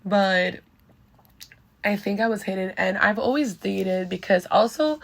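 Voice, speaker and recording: Candid woman host with a gravelly edge. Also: mid-range voice, a little slow. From Venezuela. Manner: candid and chatty, heavy use of "like". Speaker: podcast host. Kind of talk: casual personal monologue.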